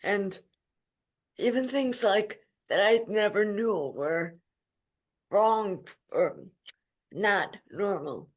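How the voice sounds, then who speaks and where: A woman in her forties, a podcast guest, telling her story in a lively, emphatic way. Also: medium pitch, extremely slow, pauses often. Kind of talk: casual interview storytelling.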